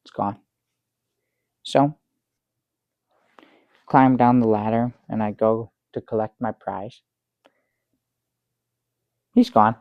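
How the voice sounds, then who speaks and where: An actor playing a bumbling middle-aged guest who rambles through a tall tale with many restarts, in improvised sketch comedy. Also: male voice, lowish voice, steady tone, takes it slowly, pauses often, no echo, dull audio. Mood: dry, halting. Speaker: guest on a comedy talk show.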